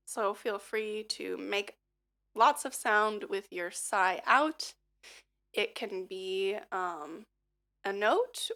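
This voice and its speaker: A hoarse woman singer and livestreamer chatting casually and leading a vocal warm-up, rambling with lots of fillers and little laughs. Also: medium pitch. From United States.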